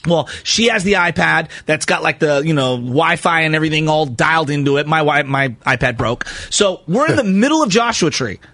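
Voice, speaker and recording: Man, sports radio co-host, high lively voice, bright tone, dry studio sound, excitable storyteller. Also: fairly quick, hardly any pauses, no room sound. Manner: animated, excitable, laughs while telling stories. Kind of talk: casual storytelling banter.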